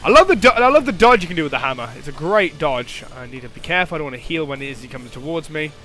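A young man giving excitable gameplay commentary, swearing and shouting at the game. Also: on the high side, racing. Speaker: gaming commentator.

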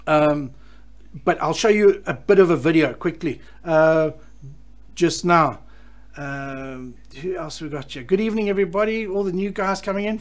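A man hosting a live stream, chatting enthusiastically and reading out viewer comments, often restarting his sentences. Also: sits high. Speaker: host of a live fishing electronics show.

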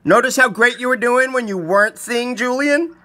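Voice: mid-range voice, moderate pace, pushed and bright. A filmmaker narrating a documentary and questioning people on recorded calls, blunt and indignant, swearing freely.

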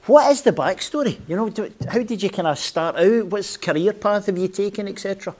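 A man's voice: sits high, brisk, darkish tone. Jokey man hosting. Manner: jokey, upbeat, chatty. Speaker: podcast host. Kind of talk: casual interview chat.

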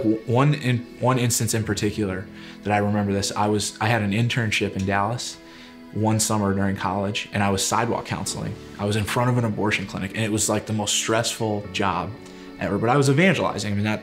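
A young man telling a personal faith story in a casual, chatty way with lots of fillers. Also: lowish voice. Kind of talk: personal testimony.

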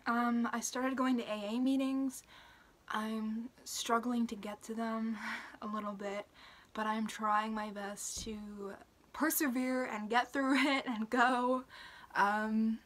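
A young woman talking through a personal update to her camera, halting and emotional, with many fillers and restarts, sometimes sinking to a whisper. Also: a little high. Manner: soft, drops into whispers. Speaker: vlogger. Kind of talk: personal recovery update vlog.

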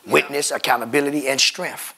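A man's voice: mid-range voice, fairly even intonation, fairly quick, vocal fry, bright, forceful tone, slightly rough. A man preaching a sermon as pastor, emphatic and calling out to his congregation, with features.

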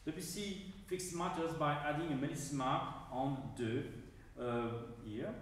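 A man's voice: fairly high pitch, a little hiss or hum. French-accented man lecturing in a hall. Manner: halting, careful, pointing to score examples. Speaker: musicology lecturer. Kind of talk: academic lecture. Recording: echoey hall, mic far off.

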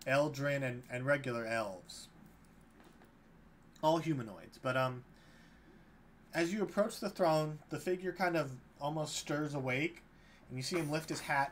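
A man serving as game master, narrating a tabletop game in a relaxed, loose way. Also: on the high side, slight background noise.

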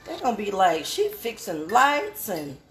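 A woman's voice: mid-range voice, huge pitch swings, a little slow, fairly bright tone, echoey room, a little hiss or hum. A woman hosting a casual livestream from her kitchen on a phone, folksy and easygoing, calling people honey and child. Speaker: home cook hosting a livestream. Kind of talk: casual cooking chat.

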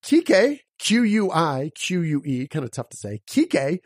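A man hosts a solo podcast lesson with a fairly high voice that swings widely in pitch. His tone is slightly husky and the recording sounds dry and close. He talks like a teacher, spelling words out letter by letter and tossing rhetorical questions at his listeners. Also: normal speed, no echo. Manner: lively, teacherly. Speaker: podcast host and sales coach.

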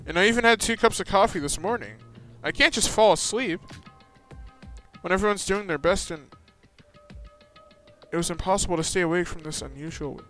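A man's voice: high-pitched, moderate pace, long pauses, fairly bright tone, faint music behind, poor audio. A man reading game lines aloud as an earnest, determined young female student detective. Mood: puzzled.

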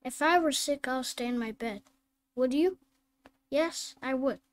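A woman reading phonics drills and simple sentences aloud, slow and deliberate, word by word. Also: high-pitched, a little hiss or hum. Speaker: phonics teacher.

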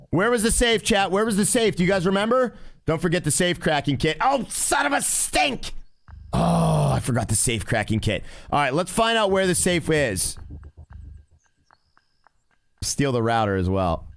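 A man giving live gameplay commentary as a streamer, excitable and constantly talking to his chat. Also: fairly high pitch. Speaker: game streamer.

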